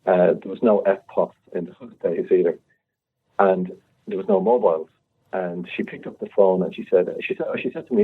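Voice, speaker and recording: An Irish man in his fifties, a restaurateur, telling an animated story and acting out both sides of the dialogue. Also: sits low, normal speed, slightly rough. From Ireland. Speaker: restaurateur guest. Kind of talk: storytelling anecdote. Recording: tinny phone-line sound.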